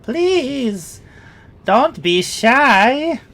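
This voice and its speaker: A woman doing a slow, sly old crone. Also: high voice, sing-song, a bit bright, full character voice. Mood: sly courtly. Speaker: player voicing a crone.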